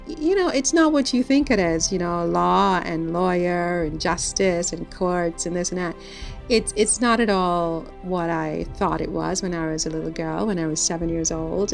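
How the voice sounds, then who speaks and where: A woman vlogs casually to camera from her home in France, rambling and laughing often between thoughts. Her voice is lowish with vocal fry.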